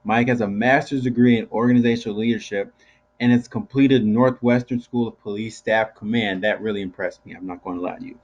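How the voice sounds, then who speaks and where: Casting: relaxed young man with a low voice, casual co-host, muffled lo-fi video call sound. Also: brisk. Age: young adult. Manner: laid-back, casual slang. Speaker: student co-host. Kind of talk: casual chat.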